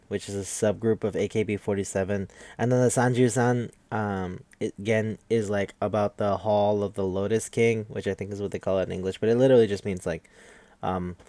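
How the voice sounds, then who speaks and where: A man's voice: on the low side, mellow, no echo. Profane rambling man recapping anime. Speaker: podcast host.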